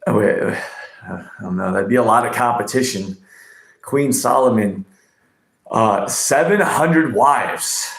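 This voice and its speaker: A fairly low, gravelly male voice in a reverberant space hosts an oracle card reading on a livestream. The chat is casual, with the man ranting, rambling, swearing, and using pet names for his viewers.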